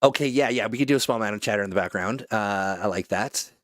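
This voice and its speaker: Voice-over host, male, low register, loose and self-mocking, lots of ums between takes, dead-dry studio sound. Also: fast, no echo. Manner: joking, self-mocking, many fillers. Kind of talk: casual livestream chat between voice-over takes.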